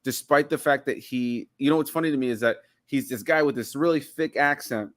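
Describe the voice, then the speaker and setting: A man's voice: medium pitch, fairly quick, no echo, clean studio sound. A man in his thirties from Miami, a guest reviewing a film in casual chat, rambling with lots of "like" and "you know". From Miami, United States.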